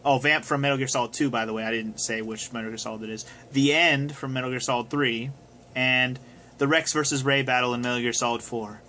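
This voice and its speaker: Bright-voiced young man chatting casually. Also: medium pitch, steady tone, a little fast, slight background noise. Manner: rambling, casual, swears. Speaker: video host answering viewer questions. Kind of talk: casual chat. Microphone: phone camera.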